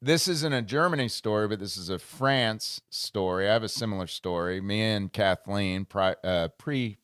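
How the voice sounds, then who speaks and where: An American man hosting a casual podcast, telling a funny travel story and reading trivia questions, animated and laughing often. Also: fairly low pitch, normal speed, clean tone, no room sound, clean studio sound. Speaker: podcast host. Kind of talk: casual chat and trivia quizzing. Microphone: studio microphone.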